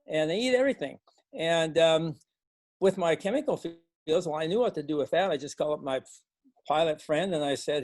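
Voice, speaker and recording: Older folksy farmer telling a story. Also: male voice, fairly high pitch, no room sound. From Montana, USA. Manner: folksy, halting, many restarts and fillers. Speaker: guest speaker, organic farmer. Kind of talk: storytelling talk.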